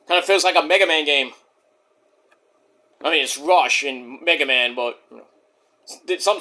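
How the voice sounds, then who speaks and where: Brief: lively, bright-voiced male wrestling reviewer, jokey and foul-mouthed. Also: on the high side, moderate pace, pauses often. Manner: rambling, joking, profane. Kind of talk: casual recap vlog.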